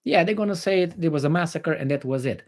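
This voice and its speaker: A man's voice: on the high side, fast talker. A man from Romania with a Romanian accent, hosting a livestream and reacting to viewer chat in a blunt, sarcastic way with some swearing. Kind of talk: casual livestream commentary.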